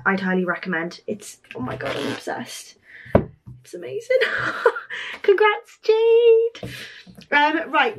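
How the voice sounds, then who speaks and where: A young woman talks to her viewers as she unboxes parcels, bubbling over with delight and peppering her talk with "um" and "oh my gosh". Her voice sits fairly high and she speaks at a slow, lingering pace, stretching out her exclamations. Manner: gushing and excitable, many fillers. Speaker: stationery vlogger. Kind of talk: unboxing vlog.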